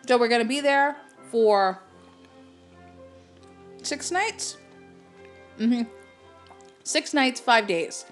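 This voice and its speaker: A woman from Cape Cod co-hosting a casual podcast, chatty and laughing often with quick asides. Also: fairly high pitch. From Cape Cod, Massachusetts. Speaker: podcast co-host.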